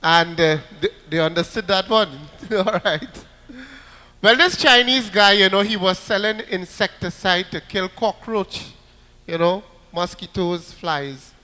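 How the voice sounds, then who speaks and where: A man with a Trinidadian accent telling jokes on stage, loud and lively, slipping into put-on voices. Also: high voice, measured pace, in a large hall. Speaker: comedian. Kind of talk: stand-up joke telling.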